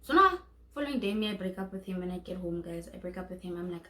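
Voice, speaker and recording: A woman's voice: on the low side, expressive, quick pace, background noise. A young South African woman with a South African accent, telling a personal story on her vlog and acting out what others said. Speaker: vlogger. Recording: echoey room.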